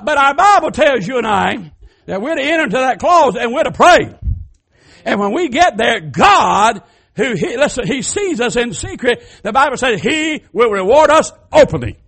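A man preaching with a strikingly high voice for a man. He swings from fervent shouted cries down to quiet, homespun asides to his congregation. His delivery has the rhythm of an old-time revival sermon. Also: big pitch swings, normal speed, vocal fry, husky. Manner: fervent, rising to shouted cries then dropping to soft folksy asides.

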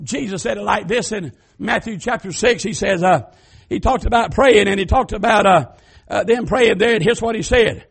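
A man preaching a sermon, swinging between fervent shouted passages and soft folksy asides. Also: high-pitched, normal speed, gravelly, breathy edge.

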